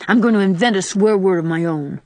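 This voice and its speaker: A woman's voice: medium pitch, a little fast, a little mellow, no echo, close to an everyday voice. A woman voicing a defiant, reckless little boy. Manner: reckless, indignant and boastful. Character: defiant scowling boy of about nine.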